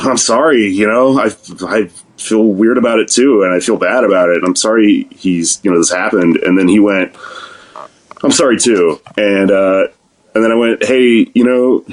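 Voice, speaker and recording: A man chatting as a podcast guest in a slightly low voice. He rambles, swears freely and breaks into laughter as he talks things through. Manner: rambling, profane, laughs often. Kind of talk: casual podcast conversation.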